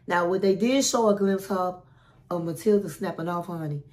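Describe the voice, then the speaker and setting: A woman hosting a casual reality TV recap, telling it in a sassy, animated way and calling the listener honey. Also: on the low side, moderate pace.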